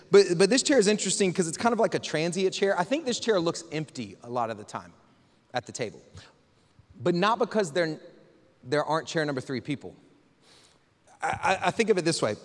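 A man preaching a sermon, his fairly high voice carrying through a long-reverb church hall. He talks in a loose, conversational way and keeps turning rhetorical questions to the congregation. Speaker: pastor. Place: church sanctuary.

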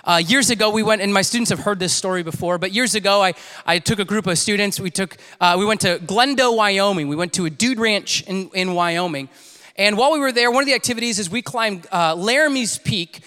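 A young man preaching from the stage, his voice high and bright. He tells stories in an animated way, acting out quotes with sudden leaps in pitch. A long reverb from the church hall rings behind every line. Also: smooth. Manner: animated, acts out quotes with big pitch jumps. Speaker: youth pastor. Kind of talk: sermon storytelling. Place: church sanctuary.

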